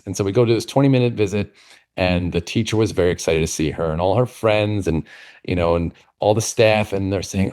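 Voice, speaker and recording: A man with a fairly low voice, speaking as a podcast guest. He tells stories earnestly and reflects as he talks, in a casual conversational tone. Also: a little fast, a little mellow. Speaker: guest author.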